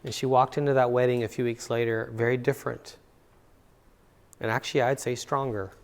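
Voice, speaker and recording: A man's voice: mid-range voice, little pitch movement, fairly quick, clear, resonant tone. A middle-aged man giving a relationship seminar to an audience, chatty and repeating words for emphasis. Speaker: seminar speaker and counselor. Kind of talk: relaxed seminar talk with stories. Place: university seminar room.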